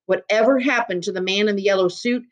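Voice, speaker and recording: A woman reading a novel chapter aloud in a measured, steady storytelling manner. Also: mid-range voice, lo-fi sound. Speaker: reader.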